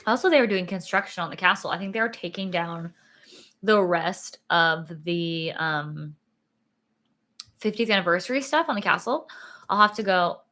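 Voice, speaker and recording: A woman's voice: fairly low pitch, animated, normal speed, sharp tone. A young woman vlogging in a rambling, chatty way, full of "like" and "um", sleepy and yawning. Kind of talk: casual sit-down vlog chat.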